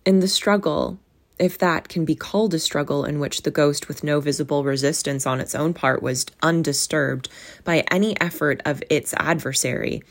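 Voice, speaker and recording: An audiobook reader with a notably low voice reads a classic novel aloud in a measured, expressive way. She finishes with a casual, warm and friendly chat with her listeners.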